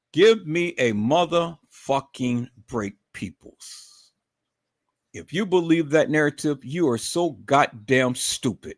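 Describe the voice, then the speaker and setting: A man's voice: on the high side, expressive, slow, dry recording, clean studio sound. A middle-aged man ranting angrily on a livestream, swearing freely, stumbling over repeated words and calling out to his viewers. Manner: profane, indignant, calls the audience "peoples"; repeats words when worked up, swings to loud outbursts. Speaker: livestream commentator. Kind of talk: angry ranting livestream commentary.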